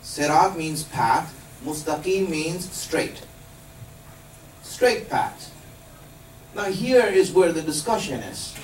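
A man's voice: a little high, lively intonation, slow, long pauses, a little hiss or hum. A man giving a religious lesson to a live group, explaining patiently and quizzing his listeners with questions. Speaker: religious teacher. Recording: echoey room, distant mic.

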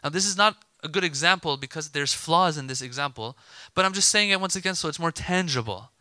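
A man preaching a sermon to a gathered crowd, animated and emphatic, acting out imagined dialogue to make his points. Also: on the high side, a little fast, dry recording.

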